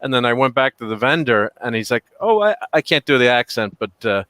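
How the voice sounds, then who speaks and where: A man's voice: medium pitch, very animated, fairly quick, pushed and bright, no room sound. A man hosting a casual group video chat, telling a rambling story with frequent laughs and fillers. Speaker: podcast host.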